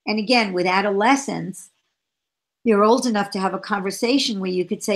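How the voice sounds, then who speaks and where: A middle-aged woman answering interview questions as a parenting expert, lively and acting out short exchanges with her children. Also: a little high, unhurried. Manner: animated, acts out dialogue with her kids.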